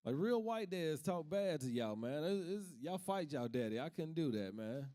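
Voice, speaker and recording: A man's voice: a little high, very animated, normal speed, warm tone. A man from Kentucky doing stand-up, telling laid-back family stories and laughing at his own jokes. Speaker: stand-up comic. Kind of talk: stand-up comedy.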